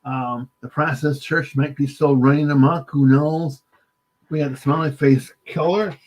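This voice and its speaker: A man from the United States, guest author in an interview, halting and polite, often saying "sir". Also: a little high, fairly even intonation, darkish tone. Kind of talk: casual interview. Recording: dull lo-fi remote line.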